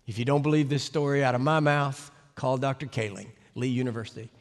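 An American man preaching, telling a story with animated, sudden loud swings and emphatic delivery. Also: medium pitch, brisk. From United States. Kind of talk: sermon storytelling. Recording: echoey hall reverb.

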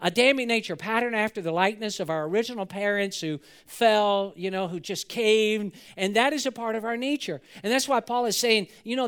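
A man's voice: high-pitched, animated, normal speed, fairly bright tone, smooth. A male pastor giving an earnest church sermon, often repeating words and restarting as he drives a point home.

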